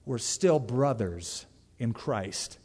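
A man's voice: mid-range voice, lively intonation, extremely slow, a little mellow, husky, long reverb tail. A man preaching a sermon as pastor, emphatic and conversational, with direct asides to the congregation.

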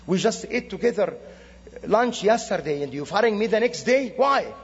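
A high-voiced man from the Middle East delivers a sermon, telling stories with animated, acted-out dialogue. His voice is slightly husky and rings with the long reverb of a church hall. The recording itself sounds dull and lo-fi. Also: moderate pace. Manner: animated storytelling with quoted dialogue. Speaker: guest speaker. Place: church sanctuary.

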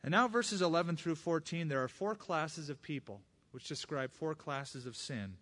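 A man's voice: a little high, moderate pace. A man preaching a sermon with personal stories, acting out the voices of the people he quotes. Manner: expressive preaching that acts out quoted speech; personal testimony.

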